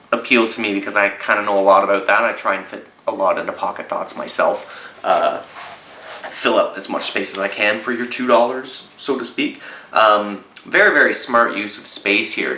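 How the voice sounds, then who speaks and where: Canadian guy, low-pitched and bright, upbeat zine reviewer, echoey room with faint hiss. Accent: Canadian English. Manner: enthusiastic, chatty, swears casually. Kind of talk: casual review vlog.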